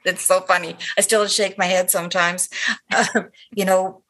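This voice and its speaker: A woman's voice: fairly low pitch, normal speed. An older woman from Cape Breton, Canada, a guest in an interview, telling stories animatedly and acting out what people said. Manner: animated storyteller, acts out quotes. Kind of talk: conversational interview.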